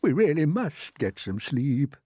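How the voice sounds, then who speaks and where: A gentle old grasshopper, as a man puts him on, courteous and unhurried, letting each phrase out slowly. The voice sits near the reader's own pitch but with a shifted, older tone, recorded close and dry. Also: sing-song, no room sound. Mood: polite. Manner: slow, measured and genteel.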